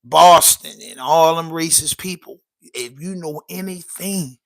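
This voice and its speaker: Man, podcast host, loose casual chat, slightly high voice, forceful bright tone. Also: a little slow, vocal fry, poor audio. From Baltimore. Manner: loose, emphatic, peppered with "you know what I'm saying".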